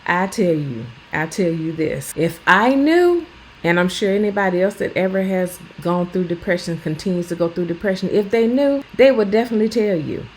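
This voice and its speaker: A woman's voice: on the low side, animated, normal speed, darkish tone, slight background noise, rough recording. A woman in her fifties, a vlogger talking at home while she cleans, earnest and blunt in a plainspoken way. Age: 50s. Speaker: lifestyle vlogger. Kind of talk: casual talk while cleaning.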